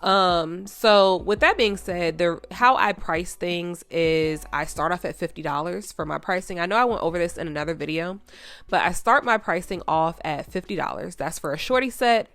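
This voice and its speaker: Stuffy-nosed chatty woman, low voice. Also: moderate pace, dry recording. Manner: chatty, says "y'all" and "like". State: stuffy nose. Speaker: nail tech vlogger. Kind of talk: casual chat over a tutorial. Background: soft background music.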